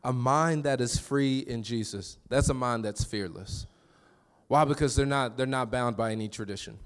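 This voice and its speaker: A man preaching a sermon in a conversational way, with quick restarts and call-and-response to the congregation. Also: medium pitch, smooth. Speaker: pastor.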